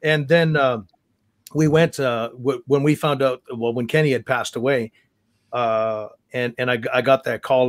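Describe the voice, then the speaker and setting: A guest musician from Saskatchewan, Canada, tells stories in a casual interview, earnest and halting, often restarting and repeating words. His voice is mid-range and the recording is dry.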